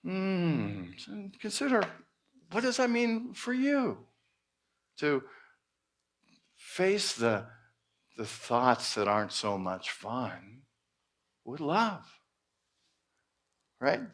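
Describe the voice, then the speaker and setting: A male minister preaching at a church service in an expressive way with playful exclamations. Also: fairly high pitch, drawn-out words, pauses often. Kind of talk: sermon.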